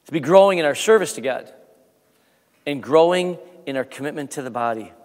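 A male pastor preaching to his congregation in a church sanctuary, his fairly high voice ringing with a long reverb. He builds emphasis through scripture, then drops into a quieter prayer. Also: expressive, a little fast. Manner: preaching with rising emphasis, dropping to a soft prayer. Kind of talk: sermon and prayer.

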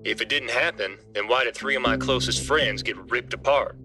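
A man's voice: medium pitch, normal speed, music in the background, lightly acted. A man voicing a bitter, haunted former police officer who speaks with sarcastic anger in an audio drama. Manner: sarcastic, angry.

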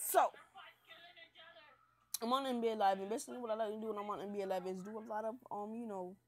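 A young woman talks over her gameplay in a casual, chatty way, hyped and poking fun at herself. She has been up all night, and it shows in her loose, rambling delivery. Her voice sits at an ordinary middle pitch. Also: steady tone, quick pace. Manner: hyped, chatty, self-mocking. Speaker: gaming channel host.

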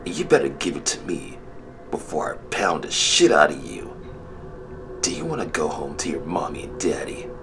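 A man putting on a low, hushed thug of a high school bully. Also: sing-song, moderate pace, soft background music, full character voice. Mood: threatening. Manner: low, hushed threatening growl. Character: menacing male high school bully, big and crude.

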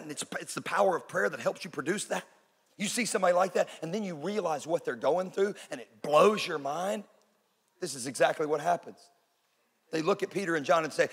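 A Texan man in his forties, a pastor preaching a sermon, telling stories and building to loud peaks. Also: high voice, fast talker, creaky, breathy edge. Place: church auditorium. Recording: large room with long reverb.

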